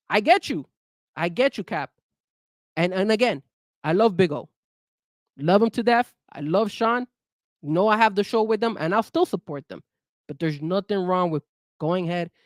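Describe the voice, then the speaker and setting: A man's voice: dry recording, studio quality. A man hosting a casual sports talk show, getting heated and cursing as he rants about his team. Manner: heated, cursing, lively swings in pitch. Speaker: show host.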